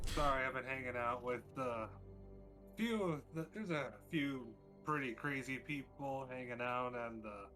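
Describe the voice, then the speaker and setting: Bright-voiced man playing a tabletop game. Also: medium pitch, measured pace, soft background music. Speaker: player. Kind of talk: tabletop role-play in character.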